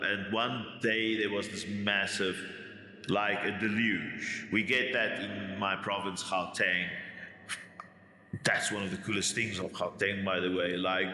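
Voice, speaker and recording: A man in his forties speaks with a rough Afrikaans accent from the East Rand. His voice is low yet bright and forceful, and he rambles through long asides. The room rings with a long, echoing reverb. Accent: Afrikaans South African, East Rand. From South Africa. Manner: rambling, many restarts and asides. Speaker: YouTube commentator. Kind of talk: reading a script, then rambling casual monologue.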